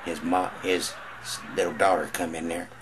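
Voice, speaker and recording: Stand-up man, low gravelly drawl, live club noise behind. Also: little pitch movement, normal speed. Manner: drawling storyteller, voices characters in quotes. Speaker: stand-up comedian. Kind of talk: stand-up joke telling.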